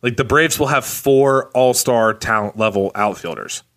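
Male podcast co-host, mid-pitched voice, excitable fan energy, loose conversational delivery. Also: moderate pace. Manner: enthusiastic, animated fan talk. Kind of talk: casual sports chat.

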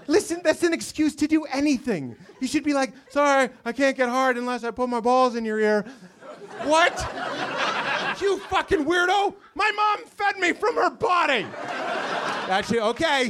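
A man performing a stand-up set at a comedy club, swinging between shouting and low mumbles, with the audience laughing. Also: noisy background. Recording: live crowd laughing.

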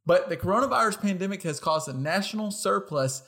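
A man's voice: sits high, animated, a little fast, a bit bright. A young man co-hosting a podcast in casual chat, talking in a loose, self-correcting way and laughing often. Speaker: podcast co-host.

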